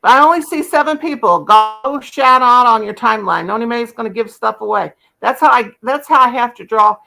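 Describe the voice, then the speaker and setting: Chatty woman with a gravelly voice. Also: fairly high pitch, normal speed, pushed and bright, poor audio. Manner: chatty, folksy, addresses viewers by name. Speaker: livestream host. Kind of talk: casual livestream chat.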